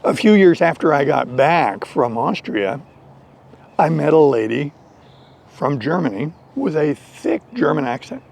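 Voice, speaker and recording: An American man telling a story slowly and deliberately in an English lesson for learners. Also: fairly high pitch. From United States. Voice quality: gravelly. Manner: slow, deliberate, animated storytelling. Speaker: English teacher.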